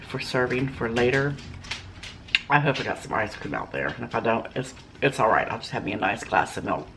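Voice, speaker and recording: A woman's voice: rumbling low, background noise. A woman hosting a home cooking show, chatting casually and gushing over her food in her kitchen, sometimes talking with her mouth full.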